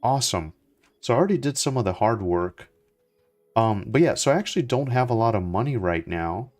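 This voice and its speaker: A young man chatting casually as he plays, relaxed and rambling with lots of fillers and restarts. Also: mid-range voice, a little fast. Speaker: gaming streamer. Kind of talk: casual gameplay commentary.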